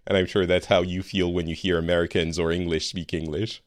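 A man's voice: sits low, flat delivery, fairly quick, clean tone, no room sound, clean studio sound. A French man hosting a podcast, chatting casually with a guest, laughing often and teasing himself. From France. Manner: chatty, laughing, self-deprecating. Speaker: podcast host. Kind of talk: casual chat.

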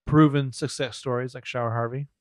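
A man's voice: medium pitch, steady tone, fairly quick, no echo. A man co-hosting a podcast, joking and sarcastic as he recaps a TV show. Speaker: podcast co-host. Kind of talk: casual TV recap chat.

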